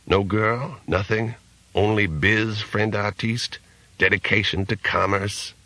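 A man voicing an ugly, gruff older bartender who teases a regular in an audiobook. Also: fairly low pitch, steady tone, takes it slowly, pushed and bright, dry recording, full character voice. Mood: needling. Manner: grunting, teasing.

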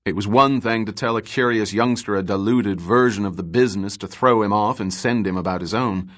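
Low-voiced man narrating a story. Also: fairly quick, fairly bright tone. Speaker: audiobook narrator. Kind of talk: scripted narration.

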